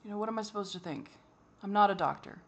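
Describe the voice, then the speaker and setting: A woman giving a candid personal monologue for her vlog, halting and frustrated, with many restarts and fillers and the odd swear. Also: medium pitch. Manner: swears when exasperated. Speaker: vlogger.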